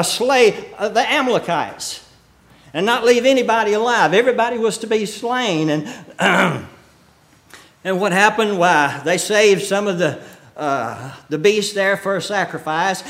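A man preaching a sermon, reading scripture slowly and explaining it in plain folksy talk, with frequent throat clearing and soft chuckles. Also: high-pitched.

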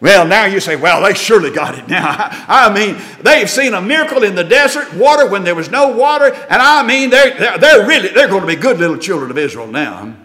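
A high, bright male voice carries this sermon. He talks in a homespun, conversational style, leaning on rhetorical questions and plain speech. His pitch rises and falls freely as he tells the story. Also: very animated, brisk, few pauses. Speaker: preacher.

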